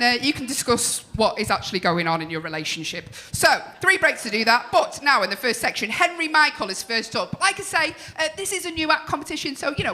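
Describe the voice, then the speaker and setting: A woman's voice: fairly high pitch, pushed and bright. A woman compering a comedy night on a club stage, joking brashly with the crowd and introducing acts. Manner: brash, jokey, swears at the crowd.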